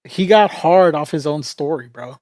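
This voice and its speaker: A man's voice: fairly high pitch, expressive, moderate pace, darkish tone, no room sound, clean studio sound. A man livestreaming in a casual, rambling chat, joking with viewers, laughing often and calling people "bro".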